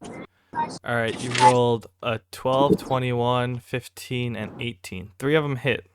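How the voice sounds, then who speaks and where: A man running a tabletop game as dungeon master, calmly calling out rolls and narrating. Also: medium pitch, slow, noisy background.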